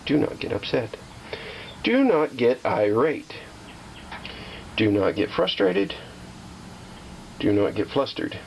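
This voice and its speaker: Man, mid pitch, casual workshop vlogger, chatty and self-mocking, faint hiss behind. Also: takes it slowly, vocal fry, pauses often, poor audio. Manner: talks himself down, repeating calming phrases in a singsong way; self-deprecating, chatty with viewers. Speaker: hobbyist restoring a slot machine.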